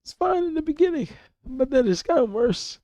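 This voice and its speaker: A sick young man whose hoarse, breaking voice keeps jumping up high, chatting on a live stream. He rambles, repeats himself and swears freely. His tone is dark and muffled, recorded close and dry. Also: expressive, fairly quick, no room sound. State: hoarse, voice cracking and going high from illness. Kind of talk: casual live-stream chat.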